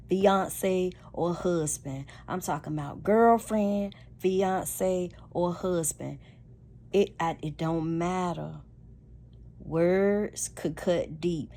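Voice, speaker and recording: A woman giving relationship advice in a casual monologue, talking loudly and emphatically. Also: fairly low pitch, gravelly. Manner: loud, emphatic, preachy.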